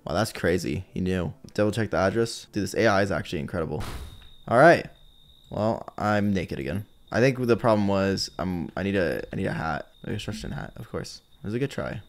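A young man streaming a game live, talking casually, swearing and yelling when things surprise him. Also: low-pitched, fairly quick. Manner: excitable, swears a lot, yells when startled. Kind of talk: live-stream gaming commentary.

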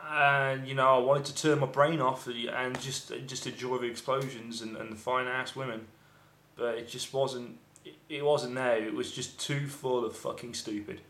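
A man's voice: mid-range voice, a bit bright. A man giving a rambling, profanity-laced film review, often exasperated. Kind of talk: casual ranting film review. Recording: echoey room.

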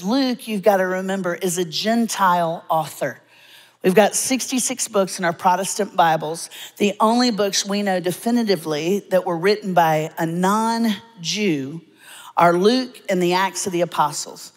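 A woman, preaching a humorous, lively sermon in a church sanctuary with dramatic pauses. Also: on the low side. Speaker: guest preacher. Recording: long hall reverb.

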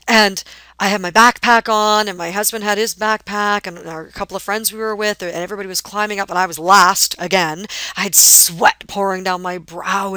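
A woman's voice: lowish voice, fairly bright tone, no room sound. A woman coach giving a recorded webinar training, telling personal stories in an earnest, motivational way. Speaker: business book coach.

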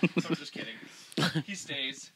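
A man's voice: fairly high pitch, takes it slowly, a crowd in the background. A man co-hosting a comedy podcast, joking loosely and breaking into silly voices. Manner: animated, jokey, slips into silly impressions. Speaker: podcast co-host. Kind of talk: casual comedy podcast banter.

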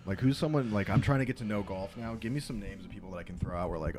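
A young man throwing out teasing one-liners in relaxed conversation. His voice sits on the low side. Faint music runs underneath. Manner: wisecracking, teasing, quick jokes. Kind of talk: casual chat.

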